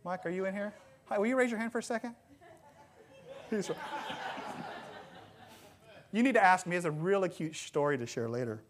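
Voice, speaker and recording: A man preaching a sermon to a congregation, telling stories with lively, self-deprecating asides. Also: sits high, moderate pace, pauses often. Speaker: pastor. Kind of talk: sermon with jokes. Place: church sanctuary with congregation.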